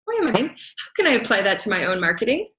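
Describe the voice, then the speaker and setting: A woman giving an energetic motivational talk as a business coach, speaking to a laptop on a video call and punctuating her points with quick rhetorical questions. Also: on the high side, rough recording. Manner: energetic, punchy, keeps asking "right?". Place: away from home, speaking to a laptop.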